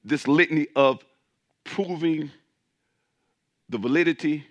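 A man's voice: on the high side, a little slow. A man preaching a sermon as pastor, emphatic, repeating words as he restarts and calling out to his listeners. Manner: calls out to the congregation.

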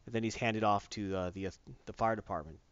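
A man's voice: lowish voice, fast, clear, resonant tone, dry recording. A man casually reviewing a comic book, retelling it in a rambling, enthusiastic way, in a dull lo-fi recording.

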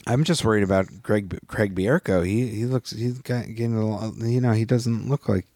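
A man's voice: on the low side, steady tone, moderate pace, darkish tone, dry recording, clean studio sound. A man co-hosting a podcast, chatting casually with wry, sarcastic asides. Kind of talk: casual chat.

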